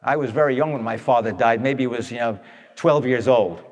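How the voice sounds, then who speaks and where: A man's voice: mid-range voice, fairly quick. Blunt man telling stories in an echoey hall. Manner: animated, blunt, asks rhetorical questions. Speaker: speaker addressing an audience. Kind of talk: storytelling talk to an audience. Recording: long echoey hall reverb.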